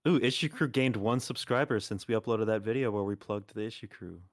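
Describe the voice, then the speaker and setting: A man's voice: lowish voice, fairly quick. A man co-hosting a casual movie podcast who makes offhand side remarks. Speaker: podcast co-host. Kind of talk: casual banter.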